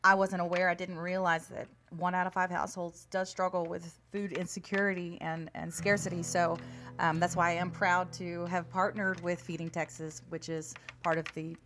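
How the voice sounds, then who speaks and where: A woman musician talking softly between songs at a fundraiser, pausing often with fillers. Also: lowish voice, flat delivery. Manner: soft-spoken, halting with fillers. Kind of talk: casual talk between songs. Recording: guitar music behind.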